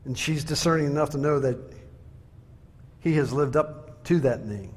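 Male preacher, conversational sermon, animated storytelling, slightly high voice, reverberant hall. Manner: conversational, animated, acts out quotes.

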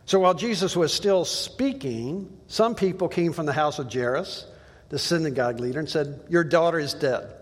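A man's voice: on the high side, normal speed, husky. Man preaching in a reverberant hall. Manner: plainspoken storytelling with asides. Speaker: pastor. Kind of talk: conversational sermon.

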